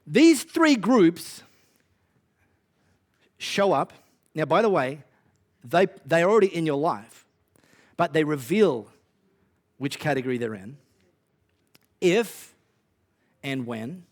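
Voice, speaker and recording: An Australian man preaching a sermon as a pastor, conversational and animated, with playful asides. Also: a little high, slow, pauses often.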